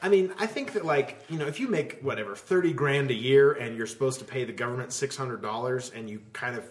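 A man's voice: mid-range voice, animated, a little fast, roomy sound. A man in casual podcast chat, talking loosely with lots of fillers and trailing thoughts. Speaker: podcast co-host.

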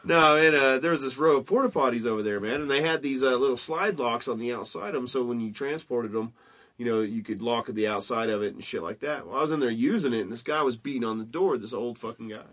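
Man, bright forceful voice, casual profane storyteller. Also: mid-range voice, fast talker. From Texas. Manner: loose, profane, drawling fillers like uh and man.

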